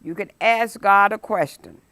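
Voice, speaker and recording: A woman's mid-range, pushed and bright voice is heard with no room sound as she teaches a midweek Bible study sermon. The pastor preaches emphatically, reads scripture dramatically, and deliberately draws out key phrases.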